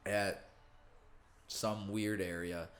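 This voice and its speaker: Seorang pria muda yang bercerita dengan hidup. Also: male voice, lowish voice, drawn-out words. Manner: animated storyteller, acts out quotes, laughs often. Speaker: podcast co-host. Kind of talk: casual storytelling chat.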